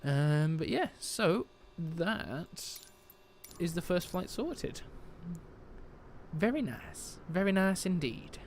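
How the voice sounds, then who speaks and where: British guy on a flight sim stream, chatty, laughs a lot, voice a bit high, faint sim noise behind. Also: sing-song, takes it slowly. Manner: chatty, laughs often, reads chat aloud. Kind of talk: live stream commentary.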